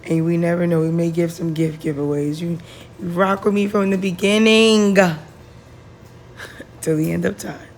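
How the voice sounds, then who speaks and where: A woman with a hoarse, deep, raspy voice, chatting casually through a cooking voice-over while she is losing her voice. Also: fairly even intonation, measured pace, a little hiss or hum. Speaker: cooking vlogger. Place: home kitchen, voice-over.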